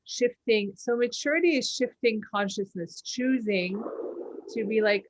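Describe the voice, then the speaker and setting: A woman's voice: on the high side, a little slow, background noise. A woman podcast host and coach giving an earnest motivational talk, acting out little quoted voices and laughing now and then.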